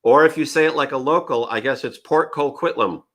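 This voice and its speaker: A man's voice: medium pitch, quick pace, fairly bright tone, slight background noise. A man hosting a live online leadership show, chatting casually with his guest and greeting viewers as they join. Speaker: livestream show host.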